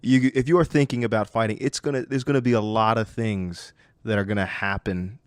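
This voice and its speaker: A man's voice: fairly low pitch, steady tone, fairly quick, no echo. A man who coaches martial arts, giving blunt, emphatic warnings in a casual conversation.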